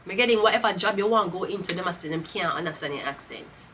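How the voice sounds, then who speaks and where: A woman reads tarot in a lowish, fairly bright voice, talking fast with lively intonation. Her Jamaican accent slides into patois, and her style is casual, blunt and profane. There's a little hiss or hum, and her voice is a bit off-mic.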